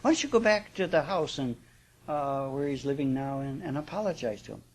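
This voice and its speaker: A man's voice: fairly high pitch, lively intonation, brisk. A man voicing a sensible woman who gives hesitant, coaxing advice to a friend in a spoken story. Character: sensible middle-aged woman giving advice.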